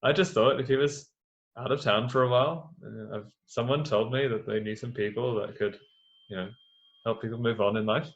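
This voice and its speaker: A man's voice: mid-range voice, steady tone, moderate pace, natural voice. A man voicing a nervous, resentful rival bard who stammers, hesitates and justifies himself. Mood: confessing. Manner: hesitant, flustered and self-justifying. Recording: dull lo-fi sound.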